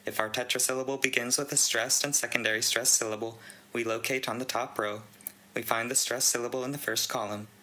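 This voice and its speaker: A man with a bright, forward voice reads a long technical write-up aloud. His delivery is steady and even, with the odd dry aside. He sounds like a host working through a text. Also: mid-range voice, fairly quick, low-quality recording. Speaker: channel host reading a contest entry. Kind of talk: reading a conlang write-up aloud.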